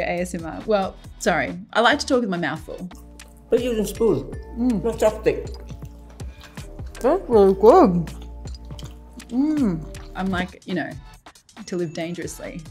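A woman's voice: mid-range voice, expressive, measured pace, pauses often, soft background music. A middle-aged woman hosting a cooking channel, reading comments aloud in a playful, giggly way with frequent laughter.

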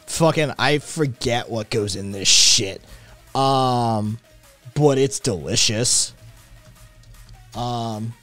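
A man hosting a casual livestream, reading chat messages aloud and answering them with loud, profane, animated opinions. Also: mid-range voice, drawn-out words, pauses often, soft background music. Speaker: podcast host reading live chat.

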